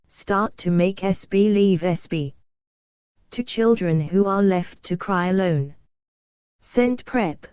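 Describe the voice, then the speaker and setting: A woman reading dictionary entries aloud in a flat, literal way, speaking each symbol and abbreviation. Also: medium pitch, smooth, no room sound, muffled recording.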